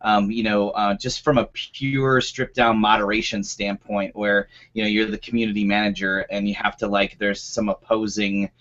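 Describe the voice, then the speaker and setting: Low-voiced host with lots of ums. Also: male voice, level tone, normal speed, hardly any pauses, a bit bright. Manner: loose, filler-heavy. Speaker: panel host. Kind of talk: casual video panel hosting. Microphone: video call. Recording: lo-fi video call audio.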